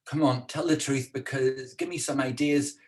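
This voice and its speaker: A man's voice: mid-range voice, fairly even intonation, normal speed. A man hosting a casual live-streamed talk from home in a chatty, playful, teasing way. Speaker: co-host and speaker. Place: indoors at home.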